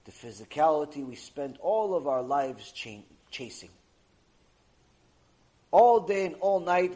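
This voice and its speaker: A man teaching Torah through a story, telling it in an animated way and acting out each character. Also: medium pitch, rough recording. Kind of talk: storytelling lesson.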